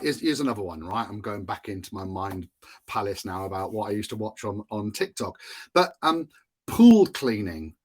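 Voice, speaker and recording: Male instructor from Wales, casual teaching talk, chatty, mid pitch. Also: husky. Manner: chatty, often checks in with "right?". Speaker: course instructor.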